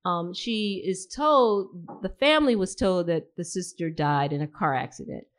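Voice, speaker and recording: A woman's voice: lowish voice, moderate pace. A woman author at a live reading, telling a chatty anecdote to the audience. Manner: chatty storyteller, animated voices for dialogue. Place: live reading event indoors.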